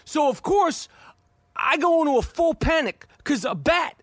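High-voiced, profane New man. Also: unhurried, dry recording, clean studio sound. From New York. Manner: profane, excitable, stammering restarts. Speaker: podcast host. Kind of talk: casual storytelling.

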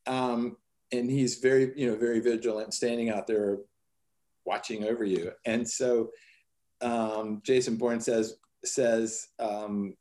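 A man with a mid-range voice speaks conversationally, retelling a personal story in an earnest, animated way. He slips into the voices of the people in his story as he goes. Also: medium pitch, unhurried. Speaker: guest telling a personal story.

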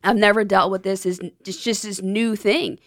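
A woman's voice: medium pitch, fairly even intonation, moderate pace, no echo. A woman hosting a podcast in a studio, chatting openly and jokingly about her own feelings. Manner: candid, joking, talks through her feelings. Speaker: podcast host. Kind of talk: casual podcast chat.

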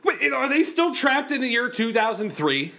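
A man's voice: very high voice, big pitch swings, normal speed, vocal fry, sharp tone. A man co-hosting a podcast in casual chat, joking and swearing. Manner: profane, joking, laughs easily. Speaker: podcast co-host.

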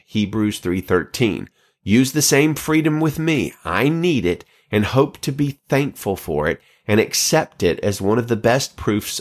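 A man with a somewhat low voice reads scripture on his podcast. His delivery is measured and earnest, and he stumbles over a word now and then. He keeps a steady, unhurried pace through long passages. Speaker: podcast host. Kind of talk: scripture and letter reading.

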